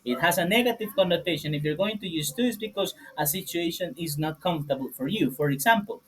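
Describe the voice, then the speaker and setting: A man teaching an online English grammar lesson, a native Spanish speaker, often asking "yes?" to check his students follow. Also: fast. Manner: repeats "yes?" to check understanding, lively rises in pitch. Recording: distant from the mic, husky.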